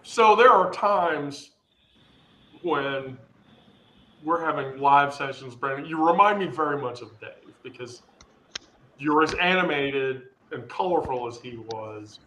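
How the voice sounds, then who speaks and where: Man, rambling storyteller, chatty podcast co-host, fairly high voice. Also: slow, a little hiss or hum. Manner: rambling, animated, many fillers and restarts. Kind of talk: casual storytelling. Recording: echoey room.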